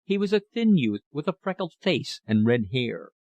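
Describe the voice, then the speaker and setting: A man narrating a classic novel as an audiobook, in a measured, even storytelling manner. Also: medium pitch, no echo, muffled recording.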